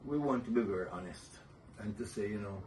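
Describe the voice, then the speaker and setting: An older man sharing fatherhood stories in an interview, gentle and measured, chuckling often. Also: lowish voice. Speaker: guest. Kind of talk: reflective interview storytelling. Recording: somewhat distant mic with faint noise.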